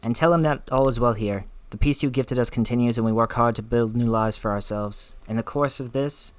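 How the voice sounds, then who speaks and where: A man voicing an earnest, devoted woman guard captain with an attempted Scottish accent. She speaks in formal, old-fashioned phrasing, steady and mid-pitched, like video game dialogue read aloud. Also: fairly quick, no room sound, lightly acted.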